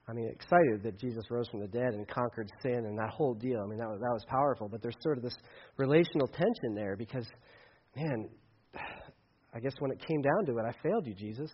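A male pastor giving a casual, conversational sermon that acts out dialogue with big swings in loudness. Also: mid-range voice, a little fast, husky, highs cut off.

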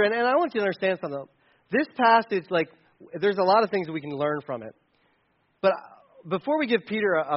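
A man preaching a sermon in a conversational, animated way, with playful asides. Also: sits high, highs cut off. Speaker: pastor.

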